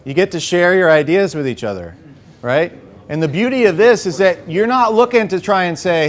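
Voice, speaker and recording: A man instructs a workshop group in an upbeat coaching manner. His voice sits a little high, and he keeps checking in with short "okay?" and "right?" questions. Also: animated, normal speed. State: a bit out of breath. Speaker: workshop facilitator. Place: workshop room.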